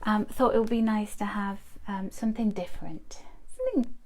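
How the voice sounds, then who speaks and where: A woman's voice: mid-range voice, normal speed, darkish tone. A middle-aged woman hosting a live tea leaf reading, greeting viewers by name in a chatty, effusive way that now and then trips over her words.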